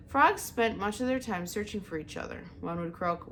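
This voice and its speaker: Animated woman reading a storybook aloud. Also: medium pitch, moderate pace, gravelly, hardly any pauses, slight background noise. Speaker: audiobook reader. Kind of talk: storybook read-aloud narration.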